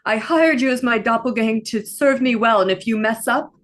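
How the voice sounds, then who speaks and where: A woman performing comic improv scenes, delivering short lines in a deadpan way. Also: a little high, brisk. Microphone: video call.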